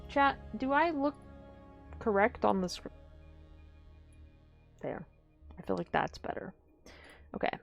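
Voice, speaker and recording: Slow, gravelly-voiced young woman streamer. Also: animated, lo-fi sound, soft background music. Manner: rambling, trailing off into low mumbled asides. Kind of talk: casual live-stream chat.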